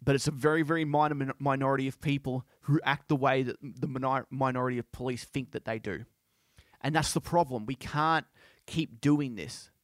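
A man hosting a podcast, speaking in an impassioned, halting way with many restarts. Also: mid-range voice, steady tone, dry recording, studio quality. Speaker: podcast host. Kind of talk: casual monologue.

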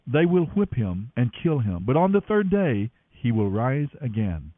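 A man voicing Jesus as a calm adult male teacher, gentle but firm, speaking in an earnest, measured way over a dry, tinny line. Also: medium pitch, dry recording. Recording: dry, tinny phone-like sound.

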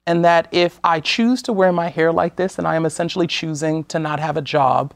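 Calm, earnest woman guest, dry studio sound. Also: deep voice, creaky, no echo. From United States. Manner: measured, calm and earnest, with frequent restarts. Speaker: guest speaker on equity. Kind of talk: conversational talk-show interview.

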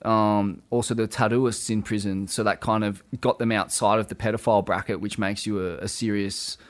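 A man chatting casually as host, relaxed, profane and a little hesitant. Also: on the low side, normal speed. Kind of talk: casual chat.

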